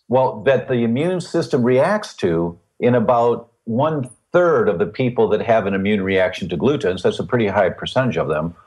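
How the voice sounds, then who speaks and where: A middle-aged man speaks as a podcast guest, explaining things the way a teacher would. His pitch is in the middle of the range, but it swings widely and with energy as he builds vivid analogies and repeats his key points. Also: a little mellow. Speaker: guest expert on gluten and health.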